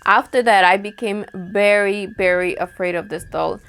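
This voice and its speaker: A woman's voice: mid-range voice, steady tone, moderate pace, fairly bright tone, smooth. Chatty woman telling a spooky story. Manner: chatty, peppered with "like" and acted-out quotes. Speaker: storytime vlogger. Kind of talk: casual spoken storytelling.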